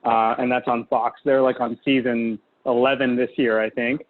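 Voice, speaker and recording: Chatty chef on a tinny video call. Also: male voice, mid-range voice, level tone, normal speed. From California. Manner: chatty, filler-heavy, enthusiastic. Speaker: guest chef. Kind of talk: casual video-call chat. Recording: tinny video-call audio, faint hiss.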